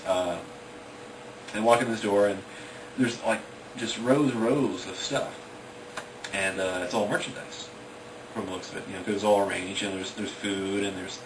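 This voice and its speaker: A young man with a low voice rambles through his own fantasy plot, stringing it together with fillers and quick bits of character voices. He sits away from the mic in an echoey room, with steady background noise. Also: recorded from a distance. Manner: rambling, full of "you know" and "like", acts out the characters. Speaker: amateur author retelling his story. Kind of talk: casual spoken storytelling.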